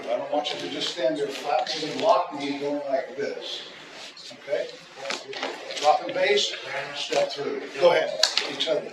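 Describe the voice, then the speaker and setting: A man teaching a self-defense seminar, joking and repeating words as he talks through demonstrations. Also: fairly high pitch. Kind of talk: teaching a martial arts seminar. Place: large echoey training hall. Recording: echoey hall from far off with loud room noise.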